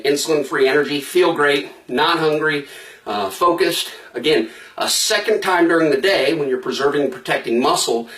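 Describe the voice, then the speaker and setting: A man hurries through an informal product pitch, out of breath and piling up repeated lists of benefits. His voice sits a little high. He sounds set back from the mic in an echoey room. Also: a bit bright, distant mic. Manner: rushed, repetitive listing. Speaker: product promoter.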